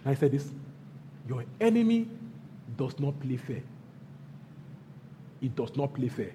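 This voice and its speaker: A man with a Nigerian accent preaching a sermon as pastor, repeating his phrases and swinging between loud bursts and hushed lines. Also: mid-range voice, sing-song, unhurried, slight background noise. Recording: long hall reverb, faint background ambience.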